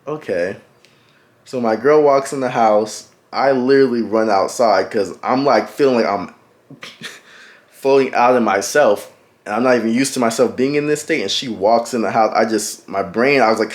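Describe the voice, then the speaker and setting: A young man telling a personal story to camera in a reflective way, often pausing and searching for words. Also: lowish voice. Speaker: vlogger.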